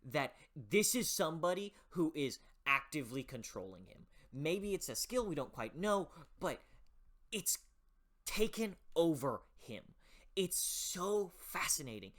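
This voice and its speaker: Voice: medium pitch, very animated, a little slow, a bit bright. A book reviewer talking in a casual, passionate way, swearing freely and often restarting sentences while thinking aloud.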